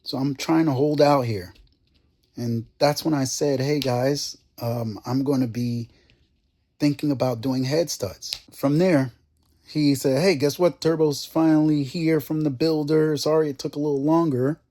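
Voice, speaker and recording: A man's voice: fairly high pitch, a little slow. A young man vlogging about his car, telling a long story in a casual rant and acting out the conversations he quotes. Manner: animated, acts out quoted conversations.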